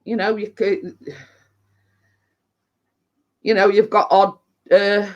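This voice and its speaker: A woman's voice: medium pitch, little pitch movement, takes it slowly, dull audio. English woman, baking vlogger, live-stream chat, straight-talking, rambling, lots of fillers. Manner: blunt, rambling, full of "you know what I mean".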